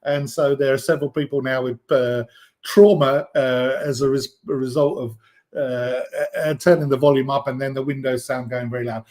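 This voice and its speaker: A man's voice: mid-range voice, fairly even intonation, normal speed, a little mellow. A man with a British accent hosting a live stream, chatting casually and rambling, with plenty of ums and uhs. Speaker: livestream host.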